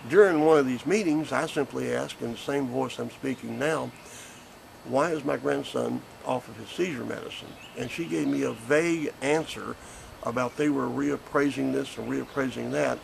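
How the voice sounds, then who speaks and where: A man's voice: mid-range voice, moderate pace, creaky, a little hiss or hum, rough recording. A man, a grandfather speaking bluntly and indignantly in a recorded statement. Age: 50s. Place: porch outdoors.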